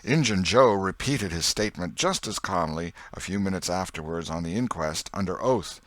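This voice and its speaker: A male audiobook narrator with a very low voice reads with dramatic, expressive swells. The recording is dry and close, with no room sound. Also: normal speed, no room sound.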